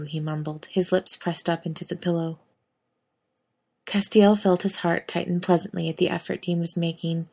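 Woman, audiobook narrator, fan fiction, conversational storytelling, slightly low pitch. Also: moderate pace. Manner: even, conversational storytelling with casual swearing.

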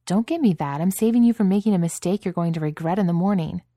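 A woman's voice: fairly low pitch, fast, warm tone, no echo, clean studio sound, voice pushed up, lightly acted. A woman voicing an agitated, blunt young man in a storybook reading, speaking up in a raised, exasperated voice.

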